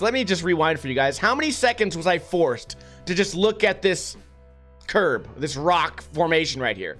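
A man with a fairly high voice talks through clips in casual commentary, blunt and sarcastic, now and then swearing. Soft music plays faintly behind him. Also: big pitch swings, normal speed. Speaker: skate video reviewer host.

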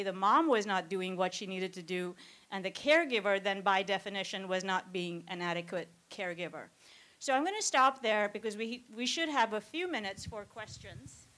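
A woman's voice: mid-range voice, fairly bright tone. A woman speaking on a panel, summarizing and explaining a caregiver's account in a thoughtful, explanatory way. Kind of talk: academic talk summarizing a clip.

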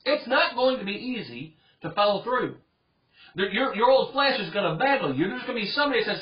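A man's voice: high-pitched, expressive, fairly quick, dull audio. A pastor giving an earnest Bible study sermon, driving his points home by repeating phrases.

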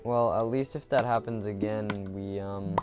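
A man's voice: lowish voice, steady tone, moderate pace. A man giving casual commentary while playing a game, chatting to viewers and groaning at his own mistakes. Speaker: gaming video host. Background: background music.

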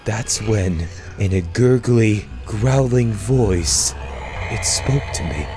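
A man reading a scripted horror story aloud as narrator, in a slow, measured, hushed storytelling manner. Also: lowish voice, expressive, music in the background.

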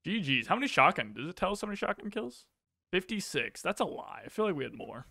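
A man commentating his own shooter gameplay, excitable and reactive, with game gunfire behind him. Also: sits high, fast, vocal fry, dry recording. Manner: excitable, reactive, jokey, exclaims often. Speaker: gaming channel host. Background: gunfire and explosions from the game.

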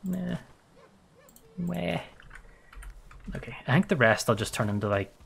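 A man streaming a game with playful, excitable commentary and frequent laughter. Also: medium pitch, a little slow, creaky, a little hiss or hum. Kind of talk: live gameplay commentary.

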